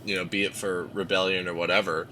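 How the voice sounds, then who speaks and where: Low-voiced man chatting casually. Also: fast, a little hiss or hum. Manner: relaxed, hesitant with fillers. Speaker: podcast co-host. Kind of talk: casual discussion.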